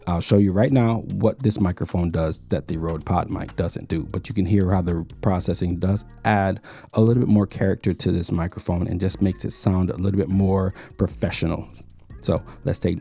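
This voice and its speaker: A man's voice: low voice, brisk, gravelly, mellow, soft background music. A man giving a casual, explanatory tech review in a home studio, sometimes repeating words as he thinks. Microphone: studio microphones being compared.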